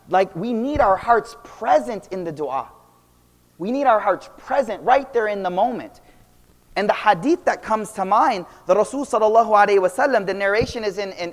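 A young man giving a casual, animated Islamic talk full of slang, swinging between loud and quiet. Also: sits high. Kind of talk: casual storytelling lecture. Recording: long reverb of a hall.

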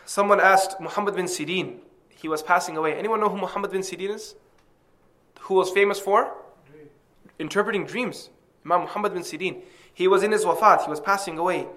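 A man's voice: sits high, a little fast, fairly bright tone. A man preaching a religious lecture to an audience, emphatic and impassioned, with Arabic quotations worked into his talk.

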